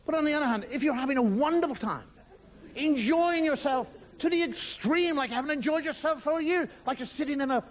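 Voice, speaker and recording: A man's voice: very high voice, fairly quick. An Irish man performing a stand-up monologue, telling wry stories with mock outrage. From Ireland. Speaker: stand-up comedian.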